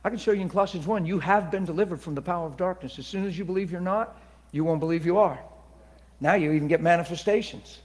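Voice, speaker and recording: A man preaching with a husky, somewhat high voice, telling his testimony. He slips from hushed, confiding passages into loud, excited bursts. A long reverb trails every phrase as if in a big hall. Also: fast. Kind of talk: sermon testimony.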